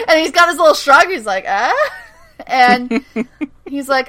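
Woman, chatty podcast co-host, higher and bright, lively recap with quoted lines. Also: a little slow, pauses often. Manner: animated recapping, acts out characters' lines, laughs often. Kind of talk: casual chat.

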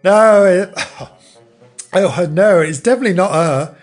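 Man putting on a high-pitched older woman, flustered, sarcastic, swooping voice. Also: big pitch swings, moderate pace, husky, faint music behind. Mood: wry, pained. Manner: high strained falsetto, wry complaints.

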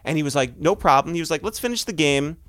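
Animated storytelling man, dry sound. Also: a little high, fast, dry recording. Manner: animated storyteller, quoting others. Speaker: podcast host. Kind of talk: casual chat, storytelling.

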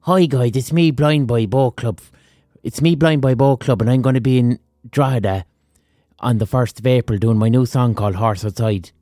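A man's voice: mid-range voice, moderate pace, dark tone, no room sound, clean studio sound, pitched above the performer's own voice, close to an everyday voice. A man doing a cheery radio-ad announcer voice, upbeat and announcing, as an impression.

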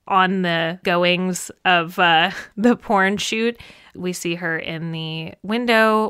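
Bright, clear-voiced chatty woman. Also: lowish voice. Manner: chatty, laughs often, many fillers. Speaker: podcast co-host. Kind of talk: casual film discussion.

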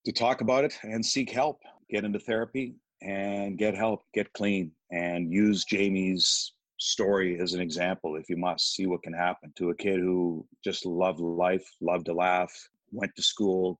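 A middle-aged man gives interview answers about his family with earnest, pleading conviction. His voice sits very low and sounds husky. The recording is dry and close. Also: flat delivery, measured pace, hardly any pauses, no room sound, rough recording. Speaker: father, foundation founder, guest. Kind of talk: interview answers, personal story.

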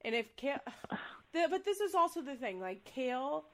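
Animated young woman recapping with gusto. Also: high-pitched, a little slow. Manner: animated, acts out quotes with big voices and laughs. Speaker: podcast co-host. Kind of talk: casual chat recapping a reality show.

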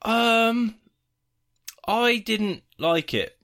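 A man's voice: very high voice, extremely slow, creaky, fairly bright tone. A man co-hosting a podcast in casual, rambling chat, laughing easily. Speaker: podcast co-host.

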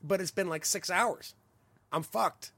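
A man chatting casually on a podcast, telling a story with animated delivery, swearing freely and laughing as he goes. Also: sits high, measured pace, slightly rough, no echo.

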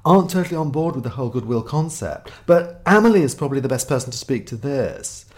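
A man's voice: mid-range voice, animated, fast, pitched above the performer's own voice, close to an everyday voice. A man voicing an airy young woman office creative who talks in breezy, gushing jargon.

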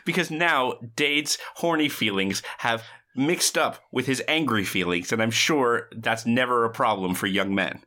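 A man's voice: medium pitch, unhurried, bright, forceful tone. A man recapping a movie in casual podcast chat, with a wry, sarcastic storytelling manner. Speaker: podcast guest.

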